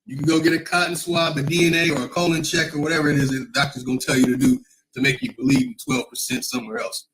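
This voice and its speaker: A man hosts a casual livestream, talking in a rambling, emphatic way, repeating himself often and reading out comments from the chat. His voice is fairly high and fairly bright, with a flat delivery and quick pace, captured in a rough recording.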